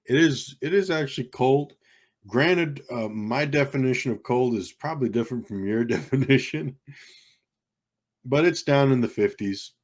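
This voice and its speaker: A man hosts a casual livestream from his home streaming setup in California, speaking in a mid-range voice at normal speed. He rambles with lots of ums and uhs into a desk microphone that has a keyboard behind it.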